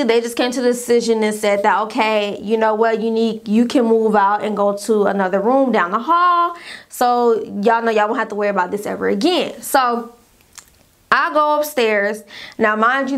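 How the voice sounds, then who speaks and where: A young woman tells a story-time tale to her camera. Her voice sits a little high, and she slips into the lines of the people in her story in an animated way. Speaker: YouTuber telling a story.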